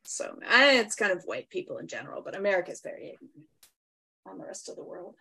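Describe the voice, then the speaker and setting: A woman in casual chat with fellow tabletop game players, quick, joking and opinionated. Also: medium pitch, lively intonation, gravelly, pushed and bright, slightly rough, low-quality recording.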